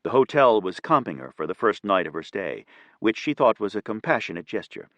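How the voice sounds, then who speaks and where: A man narrating an audiobook in a steady, even reading. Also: fairly low pitch, fairly quick, dry recording, lo-fi sound. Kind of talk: scripted narration.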